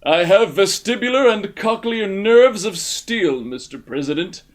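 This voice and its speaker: Man doing a booming, self-serious space hero. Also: lively intonation, a little slow. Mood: solemn. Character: earnest, pompous male space hero. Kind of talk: comic audiobook reading.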